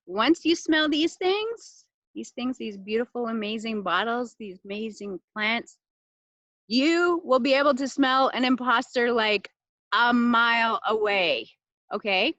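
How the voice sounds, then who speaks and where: A woman hosting a casual live class, talking in a chatty, heartfelt way with lots of fillers and bursts of animated excitement, into a laptop microphone. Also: fairly high pitch, no room sound, lo-fi sound. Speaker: class host presenting essential oils.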